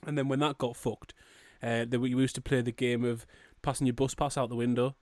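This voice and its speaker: A man's voice: medium pitch, flat delivery, a little fast, darkish tone, no room sound. Man, young adult, podcast co-host, jokey and sweary, dry close sound. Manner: joking, swears freely. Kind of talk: casual chat.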